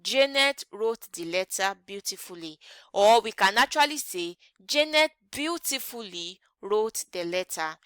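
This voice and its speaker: A woman teaching an English grammar lesson, posing "what?" questions to the class and answering them herself, and repeating example sentences slowly. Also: mid-range voice, expressive, a bit bright, clean tone, dry recording.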